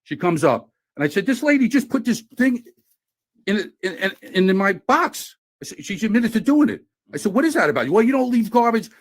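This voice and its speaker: A man filming a heated argument at a post office, talking loud and combative, repeating himself and talking over others. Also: high-pitched, sing-song, moderate pace, slightly rough. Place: indoors at a post office counter.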